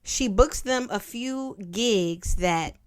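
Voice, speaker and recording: A woman's voice: a little high, slow, smooth. A woman in her twenties giving casual, slangy, sarcastic commentary as she reviews a film she loved as a kid. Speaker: vlogger reviewing a childhood film.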